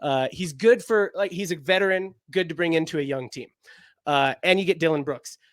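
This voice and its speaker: A man's voice: a little high, moderate pace, no room sound, clean studio sound. A young man co-hosting a casual basketball chat, rambling with lots of "like" fillers. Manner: rambling, heavy use of "like" fillers. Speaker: basketball podcast co-host.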